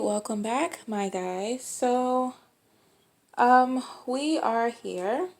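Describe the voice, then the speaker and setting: A woman hosting a crochet tutorial, walking through each step patiently and repeating instructions slowly. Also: medium pitch, a little mellow.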